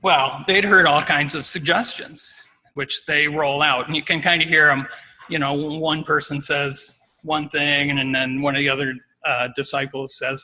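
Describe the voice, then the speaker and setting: Bright-voiced man preaching. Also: fairly high pitch, flat delivery, normal speed, rough recording. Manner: informal, acts out scenes. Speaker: lay preacher giving an exhortation. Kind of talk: conversational sermon.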